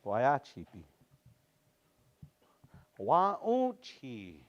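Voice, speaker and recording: A man's voice: medium pitch, huge pitch swings, very slow, lo-fi sound. A man teaching a language class, patiently repeating words for his students.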